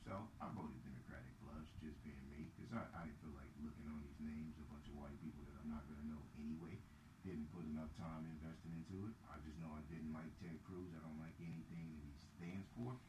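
A man from Texas telling stories in casual chat, profane and emphatic, often rising loudly for effect. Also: rumbling low, brisk. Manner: animated storyteller, profane, loud emphatic rises. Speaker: podcast co-host. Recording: roomy with clear background noise.

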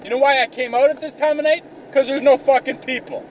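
A man's voice: extremely high pitch, fairly even intonation, fast. A young man ranting exasperatedly in a profane, comedic vlog, swearing constantly. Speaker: vlogger. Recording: mic a bit distant, faint car noise.

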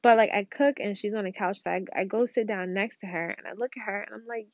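A woman's voice: mid-range voice, fairly even intonation, fast talker, dry recording. A young woman hosting a podcast, telling a rambling personal story in casual, slangy, candid talk from home. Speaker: podcast host. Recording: dull lo-fi dry recording.

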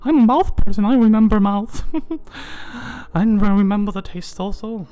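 A woman's voice: moderate pace, dark tone, natural voice. A woman doing a giggly, dreamy diva persona. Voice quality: giggly, breathy laughs, swooping up into high squeals. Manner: rambling, self-absorbed, naive. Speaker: podcast segment host. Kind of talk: comedic monologue segment.

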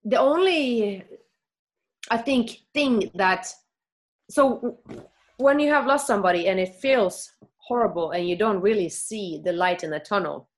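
A woman's voice: medium pitch, a little slow. A woman in a candid conversation, searching for words at first, then speaking earnestly and reassuringly. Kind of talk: candid conversation about grief.

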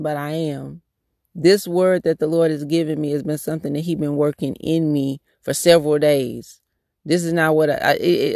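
On his devotional podcast, a host with a fairly high-pitched voice and vocal fry falls into a repeated prayer cadence between casual remarks full of restarts. The sound is clean studio audio with no room sound.

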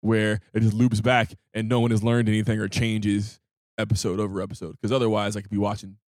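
A man's voice: on the low side, flat delivery, fairly quick, a little mellow, no echo, studio quality. A man co-hosting a casual podcast chat, talking in an opinionated, emphatic and slangy way. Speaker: podcast co-host.

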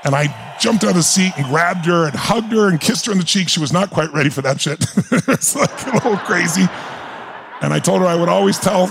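A man's voice: high-pitched, animated, fairly quick, vocal fry, a bit bright, a little hiss or hum. A man in his sixties, a motivational speaker telling a story at a live seminar with passion and intensity, rallying the crowd. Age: 60s. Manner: intense, passionate, rallies the audience.

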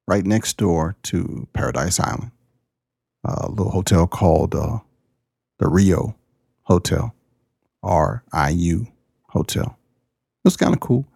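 Gravelly deep-voiced male podcast host. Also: a little mellow, no echo, clean studio sound. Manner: folksy, jokey, big pitch jumps. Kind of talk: casual chat.

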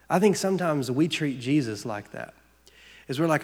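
A man's voice: mid-range voice, moderate pace, darkish tone, long reverb tail. A man preaching a sermon as pastor, earnest and conversational, building points with repeated phrases.

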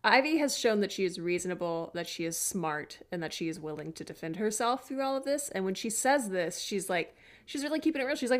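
A woman with a middle-pitched voice co-hosting a casual movie recap podcast. She talks in a chatty, emphatic way, freely giving her opinions and backing up her co-host with quick agreeing murmurs. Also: lively intonation.

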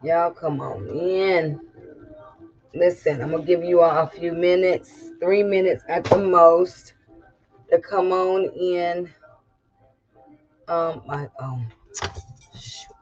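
A man with a Southern country accent hosts a livestream, greeting viewers in an easy, folksy way. He talks slowly in a somewhat high voice. The sound is dull and lo-fi, with faint music underneath. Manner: folksy, chatty, drawn-out greetings. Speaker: livestream host. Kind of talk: casual chat to online viewers.

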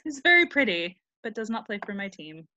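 A woman's voice: medium pitch, very animated, fairly quick, sharp tone, dry recording, lo-fi sound. A woman co-hosting a podcast, retelling a story in a joking, irreverent, swearing way. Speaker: podcast co-host. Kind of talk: casual chat with profanity.

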